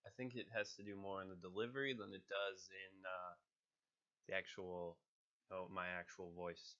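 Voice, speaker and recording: A man with a low, bright-edged voice talks casually and a bit hesitantly about his impressions. He sounds nasal from being sick, and the home recording is dull and lo-fi. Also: fairly even intonation, brisk. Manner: chatty, hesitant with fillers. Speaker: hobby voice actor. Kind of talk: casual talk to camera.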